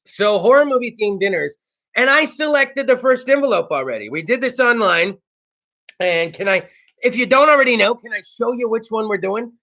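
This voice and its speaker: A high, bright-voiced man hosting a loose talk show, shouting out sponsor plugs with swearing and excitable energy. His pitch jumps all over the place, and his tone stays sharp and forceful. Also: normal speed. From South Texas. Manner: loud, excitable and profane, bursting into shouts.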